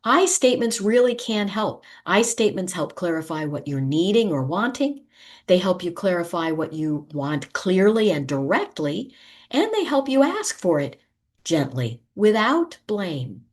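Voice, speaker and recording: A woman speaking at a conference, teaching relationship skills in a gentle instructional talk and acting out example lines. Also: lowish voice, measured pace. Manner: gentle, animated delivery that acts out example lines.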